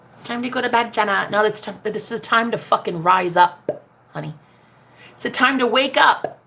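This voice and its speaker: A woman's voice: mid-range voice, vocal fry, fairly bright tone, slight background noise. An American woman, a spiritual manifestation coach, talking brashly and profanely in a casual livestream.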